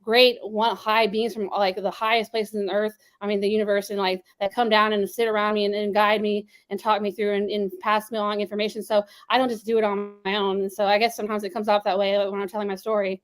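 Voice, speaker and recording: A woman's voice: medium pitch, flat delivery, quick pace, few pauses. A woman being interviewed as a guest, rambling with many restarts and fillers. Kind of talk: casual interview talk.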